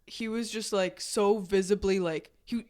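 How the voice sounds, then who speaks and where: A young woman in a casual podcast chat, talking in a relaxed way. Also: medium pitch, unhurried. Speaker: podcast guest.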